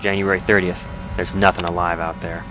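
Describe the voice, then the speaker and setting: Man reading as a bitter lone survivalist: deep, clipped fragments, faint Southern drawl. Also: flat delivery, a little fast, music in the background, close to an everyday voice, low-quality recording. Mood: weary. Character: grieving lone male survivalist, hardened and bitter.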